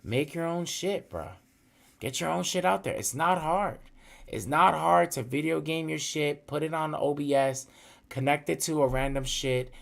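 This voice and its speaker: Animated slangy man chatting on a podcast. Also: medium pitch, creaky. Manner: swearing, animated storytelling, slangy. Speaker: podcast co-host. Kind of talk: casual podcast chat.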